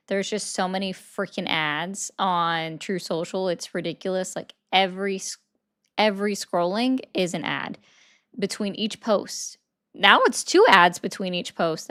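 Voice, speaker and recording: A woman's voice: lowish voice, a bit bright. A woman hosting a political livestream, chatting casually and sarcastically while reading and answering viewer comments. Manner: sarcastic, chatty, talks straight to chat.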